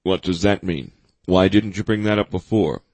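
Man reading as a calm president, measured, low voice, audiobook. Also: no echo. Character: calm, weighing male president, middle-aged.

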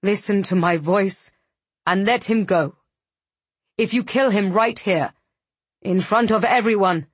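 A woman narrator voicing a calm young nobleman who speaks quietly but firmly. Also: medium pitch, measured pace, pauses often, slightly rough, no room sound. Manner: quiet, firm, pleading. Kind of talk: audiobook character voice.

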